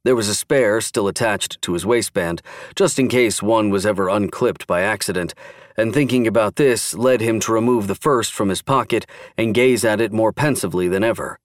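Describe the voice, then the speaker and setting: A man narrating a thriller audiobook in steady, measured scripted narration. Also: fairly low pitch, dry recording, studio quality.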